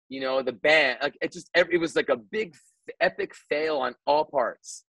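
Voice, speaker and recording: A man, a radio host guest on a podcast, telling a story casually, animated and swearing, with lots of restarts. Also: a little high, no echo, rough recording.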